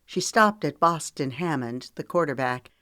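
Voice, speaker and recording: This is a low-voiced woman narrating an audiobook with an even, measured delivery. It's a dry, clean studio recording.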